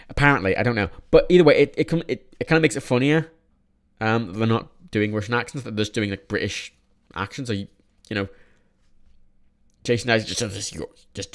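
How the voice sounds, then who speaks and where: Rambling, swearing young man reviewing films. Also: fairly low pitch. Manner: rambling, swears often, frequent restarts. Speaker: film reviewer. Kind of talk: casual movie review vlog.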